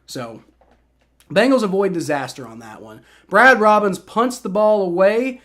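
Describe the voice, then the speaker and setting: Male streamer, high voice, rowdy live play-by-play reactor who talks to chat. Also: unhurried. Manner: excitable, swears and shouts at bad plays, chats with viewers. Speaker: livestream host.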